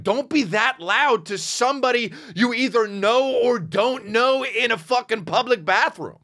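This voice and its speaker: A man in his forties hosting a podcast, telling a rambling, profane story and jumping into high voices for quotes. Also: a bit bright, dry recording, clean studio sound. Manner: rambling and profane, acts out quotes with big pitch jumps. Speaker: podcast host. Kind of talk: casual monologue.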